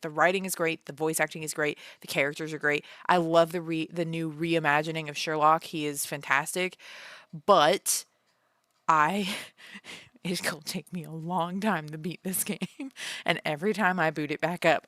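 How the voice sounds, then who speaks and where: A woman's voice: low voice, no echo, clean studio sound. Chatty woman livestreaming from home. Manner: chatty, animated, laughs often, many fillers. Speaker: livestream host and author. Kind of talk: casual livestream chat.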